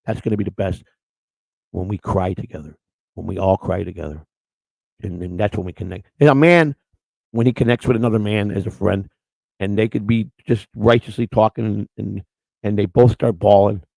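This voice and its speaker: A man's voice: fairly low pitch, moderate pace, gravelly, mellow, no room sound, rough recording. A man hosting a live-stream morning show, rambling in unscripted chat, blunt and crude, restarting his words again and again.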